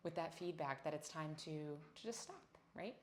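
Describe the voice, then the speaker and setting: Gentle woman teaching dog yoga. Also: low voice, lively intonation, normal speed, a little hiss or hum. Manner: gentle, encouraging, praises her dog often. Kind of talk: instructional class talk. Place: indoors on a yoga mat.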